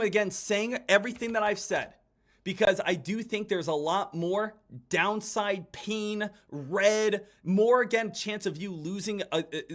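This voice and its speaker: High-voiced man giving urgent trading commentary. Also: a bit bright. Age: adult. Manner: urgent, repetitive, addresses viewers as guys. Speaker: day trader hosting a livestream. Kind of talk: live market commentary.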